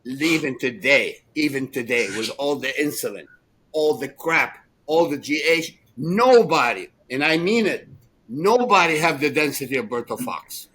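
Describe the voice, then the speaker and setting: Animated storytelling man in his sixties. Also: on the high side, a little slow, husky, rough recording. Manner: rambling, animated, laughs often. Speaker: podcast co-host. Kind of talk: casual storytelling chat.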